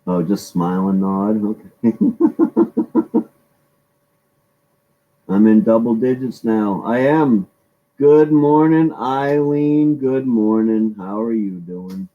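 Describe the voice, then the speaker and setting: A man's voice: lowish voice, slow, long pauses, lo-fi sound. A man hosting a casual live-stream chat, rambling along and greeting his viewers by name.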